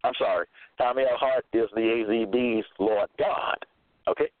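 A man preaching slowly and deliberately, citing scripture verses and checking in with his listeners. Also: mid-range voice, dry recording. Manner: deliberate, cites verses, repeats "okay?". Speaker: self-styled religious teacher. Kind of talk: slow scripture-citing sermon. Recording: tinny phone-like dry sound.

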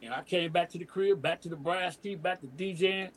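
The recording is low quality, capturing a middle-aged DJ and emcee from Detroit, USA, who guests on a podcast and tells a long, lively tale in profane street slang at a fairly quick pace. He mimics the voices of those he quotes along the way. His voice has a husky, slightly rough grain and runs a little high for a man.

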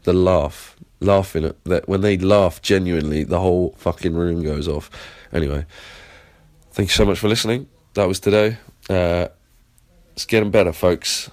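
Deep-voiced English man telling stories. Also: normal speed, darkish tone, no room sound. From Plymouth, England. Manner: rambling, sweary, enthusiastic storytelling. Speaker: podcast host. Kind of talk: casual audio diary.

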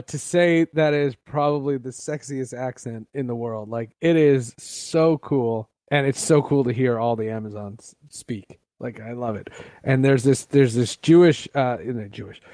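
A man of middle pitch co-hosting a casual podcast chat. He tells stories with a joking manner, and his voice sounds dry and close to the mic. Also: dark tone, no echo. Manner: joking storyteller. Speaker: podcast co-host.

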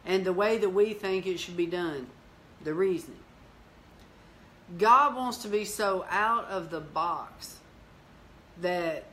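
A woman preacher, delivering a fiery sermon full of emphatic repetition. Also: mid-range voice.

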